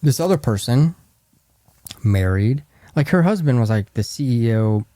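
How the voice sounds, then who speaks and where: Mellow-voiced chatty podcast host. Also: male voice, medium pitch, moderate pace, dry recording, clean studio sound. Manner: animated storyteller, acts out quotes. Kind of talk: casual podcast chat.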